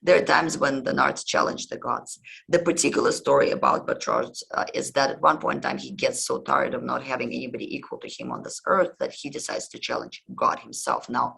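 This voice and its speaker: A man's voice: medium pitch, gravelly, sharp tone, breathy edge, low-quality recording. A man hosting a history podcast, retelling old myths in a casual lecture, hesitant and full of ums and restarts.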